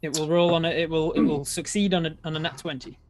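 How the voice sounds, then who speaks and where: A man's voice: fairly high pitch, little pitch movement, quick pace, slight background noise. A man with an Australian accent running a tabletop game as dungeon master, narrating with frequent laughs. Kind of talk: game narration for a live stream.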